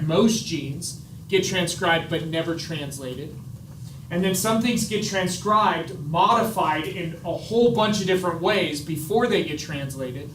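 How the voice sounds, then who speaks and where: A man's voice: sits high, a little hiss or hum. A man giving a classroom biology lecture in a chatty, casual way, with jokey asides and frequent checks of "right?".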